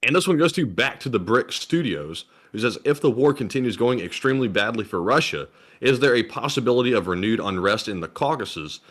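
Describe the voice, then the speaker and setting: A man co-hosting a live stream, reading viewer questions aloud in a steady, announcing way and chatting casually. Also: mid-range voice, fairly quick. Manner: reads super chats aloud in a steady, announcing way.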